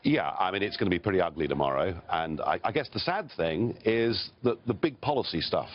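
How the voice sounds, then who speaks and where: A man's voice: deep voice, lively intonation, a little fast, highs cut off. An English man speaking as a political guest in a live TV interview, blunt and emphatic, chuckling between points. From Britain.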